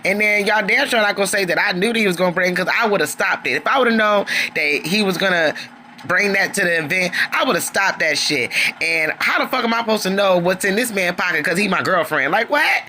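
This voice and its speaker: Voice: medium pitch, a little fast, bright, forceful tone, a little hiss or hum. A reality show reviewer recapping an episode in a sassy, chatty way, calling listeners honey and girl.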